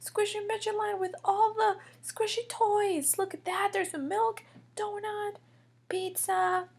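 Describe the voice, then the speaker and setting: Little boy figure voiced by a woman, toy story, excitable, boastful, squealing cheers, very high voice. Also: a little slow, gravelly, heavily acted. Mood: amazed. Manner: bouncy, overexcited, squealing cheers.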